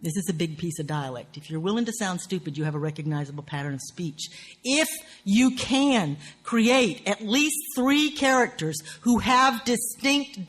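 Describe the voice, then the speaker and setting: A woman with a Southern US accent giving a writing workshop lecture in a salty, profane, animated way, laughing often. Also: low voice, husky.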